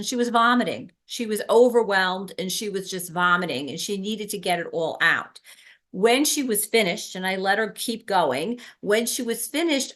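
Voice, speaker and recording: A woman's voice: medium pitch, a bit bright. Woman, workshop trainer, chatty, full of ums and restarts. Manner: conversational, many ums and restarts. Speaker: doula trainer. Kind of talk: workshop teaching.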